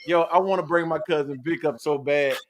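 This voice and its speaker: A man with a high, bright-sounding voice hosting a casual podcast chat. He talks loud and animated, swearing freely. He sounds like he's leading the show. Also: a little fast. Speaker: podcast host.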